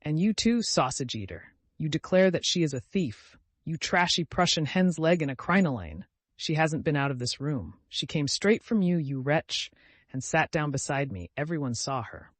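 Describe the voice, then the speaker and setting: Man doing a frantic hoarse widow. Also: animated, normal speed, a bit bright, no echo. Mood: furious. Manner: shrill, pleading, accusing outbursts. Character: frantic consumptive widowed mother, hoarse and desperate.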